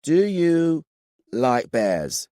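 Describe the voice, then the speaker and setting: Male narrator playing a tipsy young warrior in love, earnest and slow, audiobook. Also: mid-range voice, huge pitch swings, a little mellow, dry recording, clean studio sound, pitched above the performer's own voice. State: drunk.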